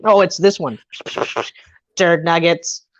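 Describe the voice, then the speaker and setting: Excitable swearing woman on a lo-fi mic. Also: lowish voice, slow pace. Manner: excitable, swears often, laughs a lot. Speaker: podcast co-host. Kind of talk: casual movie review chat. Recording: dull lo-fi audio.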